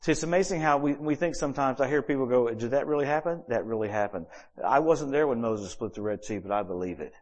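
A man preaching a sermon as the pastor, telling stories in a lively, animated way with big swings in pitch and volume. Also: fast.

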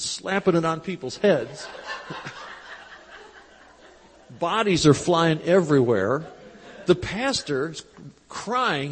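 A man's voice: a little high, husky. Folksy preacher man in a reverberant hall. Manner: folksy, animated storytelling with quoted dialogue. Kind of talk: storytelling sermon. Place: large church convention hall. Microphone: handheld mic. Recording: live hall recording with long reverb.

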